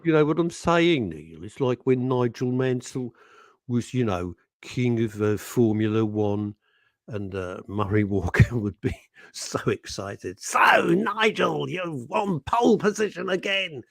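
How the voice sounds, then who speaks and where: A man's voice: on the low side, measured pace, darkish tone, no room sound, clean studio sound. A man hosting a radio show in casual, teasing chat, laughing often and reading out listener messages. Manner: playful, teasing, laughs often, reads out messages in put-on voices. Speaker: radio host. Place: radio studio.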